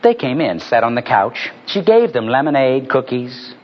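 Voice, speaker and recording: A man preaching a sermon, telling humorous stories and building to punchlines in an animated way. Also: medium pitch, moderate pace. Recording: dull lo-fi recording.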